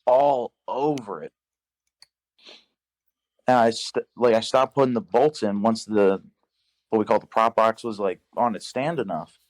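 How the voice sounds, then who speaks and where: Low-voiced young man swearing through a story. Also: measured pace, long pauses. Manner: profane, animated retelling with quoted dialogue. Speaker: podcast guest. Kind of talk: casual storytelling.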